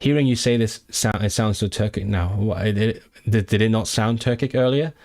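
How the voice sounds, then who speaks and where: Casual male streamer, slightly low voice, drills foreign phrases slowly and muses aloud with many ums. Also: darkish tone. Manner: thinking aloud, halting, with many fillers and restarts; slow, careful repetition of foreign phrases. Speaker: language-learning streamer. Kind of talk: casual livestream language practice.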